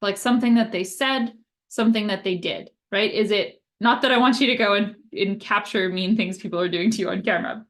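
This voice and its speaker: A young woman explains communication skills in a relaxed, conversational teaching manner. Her voice sits at a mid pitch, and she often checks in with "right?" before acting out little example phrases. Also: a little fast. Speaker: occupational therapist. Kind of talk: casual explanatory talk.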